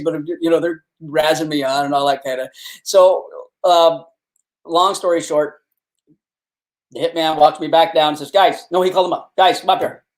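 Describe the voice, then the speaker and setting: A middle-aged man with a Canadian accent spins a long, rambling anecdote in easygoing conversation. His voice sits a little higher than most men's, and he restarts and circles back as he goes. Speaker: guest, fishing show host. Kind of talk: casual storytelling.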